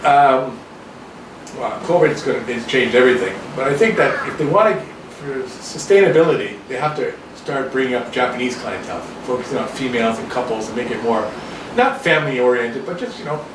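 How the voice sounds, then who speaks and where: A man from Canada giving a casual talk to a small audience in a restaurant, rambling and animated, often acting out other people's voices. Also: mid-range voice, brisk. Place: restaurant room. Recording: echoey room, distant mic, background noise.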